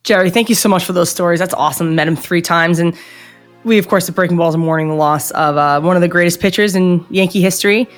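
A woman's voice: lowish voice, fast talker, soft background music. A woman co-hosting a podcast, giving blunt, opinionated takes and swearing freely. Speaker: podcast co-host. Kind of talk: casual podcast chat.

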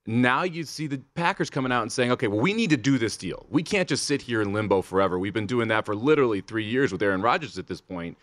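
A man's voice: mid-range voice, lively intonation, fast, hardly any pauses, fairly bright tone, no echo. A man co-hosting a sports betting show, talking casually and emphatically. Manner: emphatic, rising into exasperated questions. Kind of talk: casual sports radio banter.

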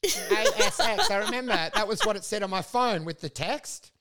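Guy, high voice, crude ranting podcast co-host who mimics people mid-story. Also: very animated, moderate pace, sharp tone. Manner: ranting, crude, laughing, acts out quoted voices. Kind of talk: casual chat.

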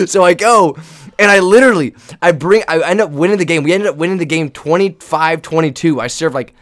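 A young man, a volleyball player co-hosting a casual chat, telling animated stories with quoted voices and frequent laughter. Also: a little high, brisk. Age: young adult. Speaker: volleyball player and podcast co-host.

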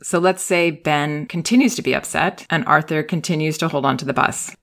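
Calm low-voiced woman parenting host. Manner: gentle, patient, measured. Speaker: parenting educator and podcast host. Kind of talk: calm instructive talk with role-played examples.

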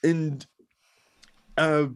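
A man chatting casually as a podcast co-host, animated and swearing, acting out what others said. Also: a little high, extremely slow, clean tone. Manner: animated storyteller, swears, acts out quotes. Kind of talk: casual wrestling chat.

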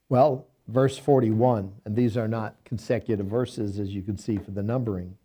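Guy pastor doing bible study, warm low-key voice, reads the verses then chats them out folksy. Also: moderate pace, hardly any pauses. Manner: reads scripture aloud, then paraphrases it in folksy everyday speech.

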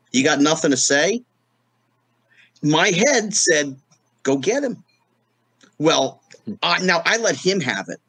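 Husky man, fairly high voice, middle-aged, animated interview guest, plays the quoted voices in his stories. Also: no room sound. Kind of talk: storytelling in a casual interview.

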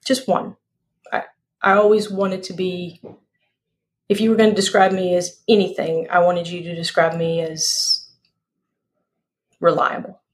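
A woman's voice: fairly low pitch, flat delivery, measured pace, pauses often, a little hiss or hum. A woman, a guest speaker talking in a folksy, emphatic way and repeating phrases for effect. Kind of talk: casual interview chat.

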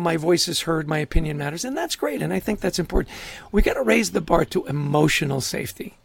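High, gravelly-voiced man telling stories. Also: no echo. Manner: animated storyteller, acts out quotes, laughs often. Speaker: guest author. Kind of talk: conversational podcast interview.

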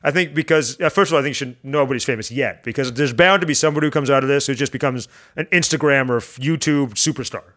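A man chatting as a podcast guest, an animated storyteller whose voice jumps high when excited. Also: fast talker, few pauses. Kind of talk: casual chat.

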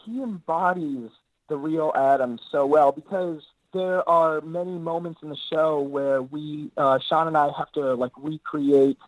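A man's voice: on the high side, measured pace, no echo, low-quality recording. A man being interviewed as an actor guest, talking in an easygoing, rambling way with lots of filler words. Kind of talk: casual interview chat.

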